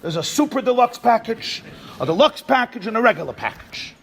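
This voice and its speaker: A man voicing a sly rabbi who pitches eulogy packages in a dry, matter-of-fact way in a told joke. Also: big pitch swings, brisk, a little hiss or hum, exaggerated voice.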